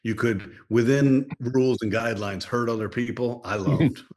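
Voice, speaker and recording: A man appearing as a guest on a podcast, reminiscing in relaxed casual chat with lots of fillers. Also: mid-range voice, moderate pace.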